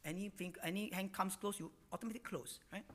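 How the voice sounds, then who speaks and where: A man's voice: sits high, fast talker, fairly bright tone. A man preaching a sermon with emphatic delivery and many rhetorical questions, ending phrases with particles like "lah" and "no".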